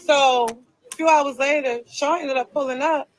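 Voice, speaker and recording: A woman's voice: sits high, steady tone, moderate pace, slight background noise, poor audio. A woman talking on a casual live stream, telling her side of a story in an emphatic, repetitive way.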